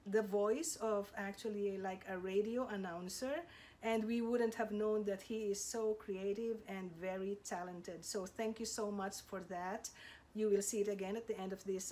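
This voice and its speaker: A woman's voice: mid-range voice, a little mellow. A woman hosting her channel's reveal compilation, gushing and thanking each contributor. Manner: gushing, slow, lots of thanks. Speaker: channel host. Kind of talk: casual video presentation.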